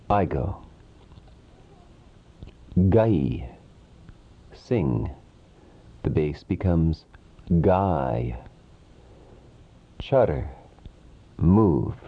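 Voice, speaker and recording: Guy slowly chanting verb drills like a teacher, muffled lo-fi sound. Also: animated, breathy edge. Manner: rhythmic chanting of verb forms, drops lower for glosses. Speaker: language teacher. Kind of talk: recited grammar drill. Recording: dull lo-fi recording.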